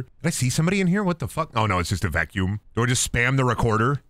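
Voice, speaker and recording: A young man streaming a ghost-hunting game, cracking profane jokes and dropping into goofy voices as he goes. His voice is bright and lively, swinging widely in pitch, and the sound is dry and close with no room around it. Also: rapid-fire, hardly any pauses, no echo. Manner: joking, profane, slips into silly put-on voices. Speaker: gaming streamer. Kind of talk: casual live-stream commentary while playing.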